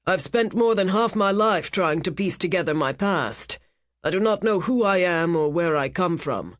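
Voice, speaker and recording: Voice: medium pitch, expressive, normal speed, dry recording, clean studio sound, natural voice. Narrator voicing Feldman, a cold, charming tycoon. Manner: smooth, commanding, cutting. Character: wealthy casino owner, charming and menacing man. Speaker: cruise ship owner.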